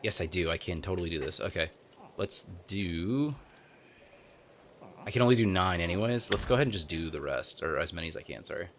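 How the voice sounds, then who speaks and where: Let's play host, man, low and creaky, casual and meandering, thinking out loud. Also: expressive, brisk, slight background noise. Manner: rambling, thinking aloud with fillers. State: tired, yawning. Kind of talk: casual gameplay commentary.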